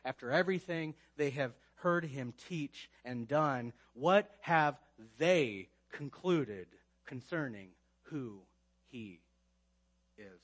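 Man preaching with emphatic swings. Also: a little high. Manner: emphatic preaching with swings between loud and quiet, frequent restarts. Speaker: pastor. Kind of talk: sermon.

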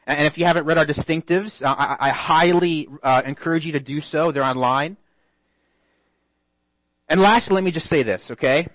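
A man preaching a sermon as pastor, earnest and emphatic, reading scripture aloud with deliberate pauses. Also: a little high, no echo, dull audio.

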